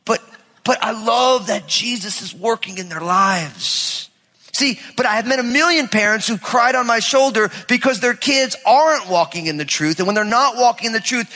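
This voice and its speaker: A man, a pastor, preaching a lively, conversational sermon with humor in a church. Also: high-pitched, long reverb tail.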